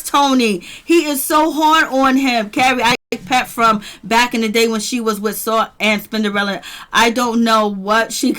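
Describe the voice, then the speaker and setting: A woman's voice: a little high, a bit bright. A woman hosting a casual live-chat review stream. She greets viewers by name and laughs often. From near Boston, US. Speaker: livestream host reviewing a reality show.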